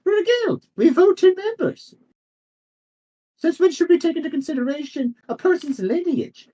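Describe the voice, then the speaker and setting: A man's voice: very high-pitched, animated, normal speed, warm tone, voice pushed up. A man voicing an indignant male guild member arguing against lineage. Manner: indignant, rising.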